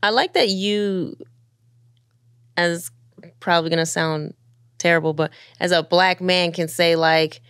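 A woman hosts a cooking chat in a kitchen, playful and talkative. Her voice sits on the lower side for a woman, and the sound is close and dry. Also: measured pace, pauses often, clear, resonant tone, no echo. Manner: chatty, playful, animated questions. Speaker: cooking show host. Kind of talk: casual interview chat.

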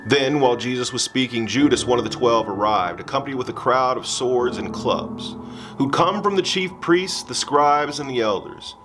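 A man of average pitch reads scripture aloud as a pastor, slow and measured, with a solemn weight on each phrase. Soft instrumental music plays faintly behind him. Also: animated. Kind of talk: scripture reading.

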